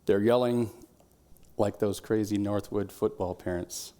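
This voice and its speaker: A man preaches in a church in a fairly low voice. He talks in a relaxed, conversational way and drops his voice low at times. Now and then he bursts out loud to act out a cheering crowd. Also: unhurried. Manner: conversational preaching, drops to quiet tones, shouts quoted cheers. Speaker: pastor. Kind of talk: sermon.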